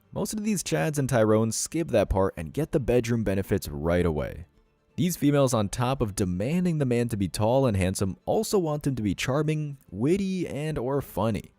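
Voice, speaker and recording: A man's voice: mid-range voice, mellow, no room sound. A man hosting a reaction commentary, reading out comments and lecturing in a sardonic tone. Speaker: commentary channel host.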